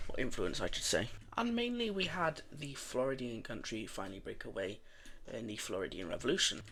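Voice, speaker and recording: A young man giving a casual voice-over narration of a map scenario, relaxed and rambling with many fillers and restarts. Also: mid-range voice, slight background noise. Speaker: mapping video narrator.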